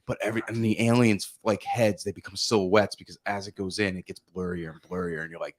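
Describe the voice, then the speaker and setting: A man co-hosting a podcast, telling a film scene with lively, swear-filled storytelling. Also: low-pitched, fast talker, no room sound. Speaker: podcast co-host. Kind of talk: casual podcast chat.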